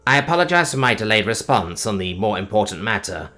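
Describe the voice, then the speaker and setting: A man's voice: fairly low pitch, sing-song, quick pace, sharp tone, faint music behind. Sci-fi audiobook: male narrator as a formal, literal robot with a caring streak. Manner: formal, stiff, no contractions.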